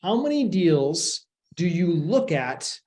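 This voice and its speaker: A man with a fairly high-pitched voice talks earnestly as a real estate sponsor on a podcast. He explains at length in a conversational way, often restarting his sentences mid-thought. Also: sing-song, slow pace, a little mellow. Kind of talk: podcast interview answers.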